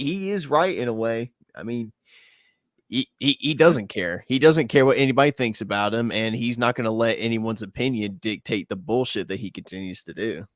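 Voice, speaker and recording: A man's voice: mid-range voice, dry recording, studio quality. A man co-hosting a podcast, blunt and profane, often cutting in. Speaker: podcast co-host. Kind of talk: heated commentary chat.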